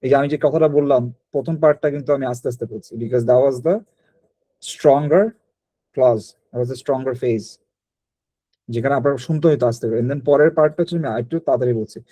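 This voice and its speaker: Fast-talking man teaching. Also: mid-range voice, mellow, dry recording, rough recording. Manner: rapid mix of English and Bengali, frequent restarts. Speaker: spoken English teacher. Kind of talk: live online class feedback.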